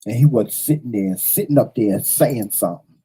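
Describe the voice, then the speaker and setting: A man hosting a morning show, telling a story in an animated, profane way and repeating lines for effect. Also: medium pitch, normal speed, slightly rough, low-quality recording.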